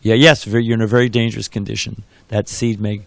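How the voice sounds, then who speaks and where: A man speaking in a devotional class, his voice gravelly with fry. The sound is close and dry. He tells anecdotes in a conversational, rambling way. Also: on the low side, flat delivery, quick pace, no room sound.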